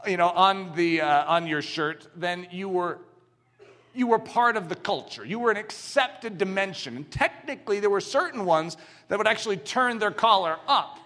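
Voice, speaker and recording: A man preaching a sermon, telling stories with animation and building to emphatic shouts. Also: high voice, animated, normal speed. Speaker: pastor.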